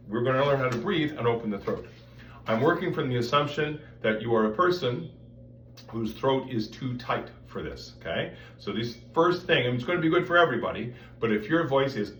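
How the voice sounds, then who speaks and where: A man's voice: medium pitch, animated, moderate pace, roomy sound, far from the mic, slight background noise. A man giving a casual voice lesson, explaining breath and throat with sung vowel demonstrations. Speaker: voice teacher. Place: room with music stands and metal ductwork.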